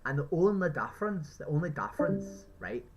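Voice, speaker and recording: A man's voice: a little high, big pitch swings, a little fast, over music, rough recording. A man with an Irish accent, a street activist talking someone round, emphatic and profane, who keeps asking "right?". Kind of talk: persuasive street conversation.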